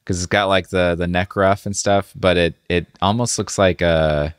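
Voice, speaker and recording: Deep-voiced guy rambling on a podcast, lots of restarts, amused, dry sound. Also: fairly even intonation, normal speed, clear, resonant tone, no echo. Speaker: podcast co-host. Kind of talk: casual comic chat.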